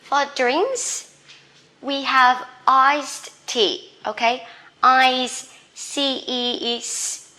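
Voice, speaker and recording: Very slow, bright-voiced woman teaching English. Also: a little high. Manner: repeats each word slowly for learners to copy; ends points with a checking "okay?". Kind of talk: slow drilled English lesson.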